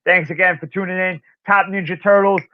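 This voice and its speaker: A man's voice: high-pitched, steady tone, a little fast, no echo. Male podcast host, loose rambling chat, dry close sound. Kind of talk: casual chat. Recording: dull, lo-fi sound.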